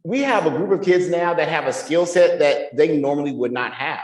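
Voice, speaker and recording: A man co-hosting a live podcast at a conference, speaking in quick, animated bursts about education. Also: on the high side, echoey room, recorded from a distance, rough recording. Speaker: podcast co-host. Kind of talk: live podcast chat with audience. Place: conference room with live audience.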